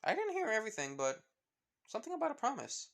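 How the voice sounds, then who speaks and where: A man's voice: sits high, huge pitch swings, fast, vocal fry, fairly bright tone, voice pushed up, heavily acted. A man voicing a concerned companion asking a friend if he is all right. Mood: worried. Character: worried companion checking on a friend.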